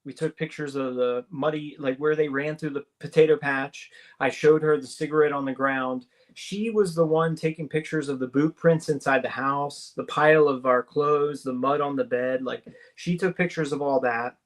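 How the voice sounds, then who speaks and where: A man's voice: on the high side, steady tone, normal speed, hardly any pauses. A man, a radio show guest, telling a story casually and acting out the dialogue, with many restarts.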